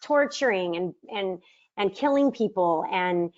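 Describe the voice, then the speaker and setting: A middle-aged woman teaches a study group in a relaxed, chatty way. She poses rhetorical questions and acts out little quoted exchanges. Her voice sits at a middling pitch, and the audio is a little dull and lo-fi. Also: a little slow. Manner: conversational, asks the audience rhetorical questions, acts out quoted arguments. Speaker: mindset trainer leading a book study course. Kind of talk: casual teaching talk.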